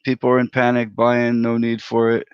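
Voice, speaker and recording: A man's voice: medium pitch, monotone, normal speed, clear, resonant tone, no echo. A man hosting a casual livestream chat, laid-back and talkative, greeting viewers by name. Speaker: livestream host. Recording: dry, dull lo-fi audio.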